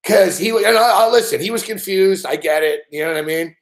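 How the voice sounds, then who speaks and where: A man's voice: sits high, brisk. A man hosting a sports betting show, telling a story in a casual way, swearing constantly and laughing often.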